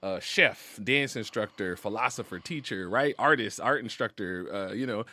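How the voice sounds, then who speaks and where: A man's voice: on the low side, moderate pace, bright, forceful tone. A man guest on a podcast, talking casually and reflectively, slangy and openly emotional. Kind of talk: casual heartfelt conversation. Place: podcast studio.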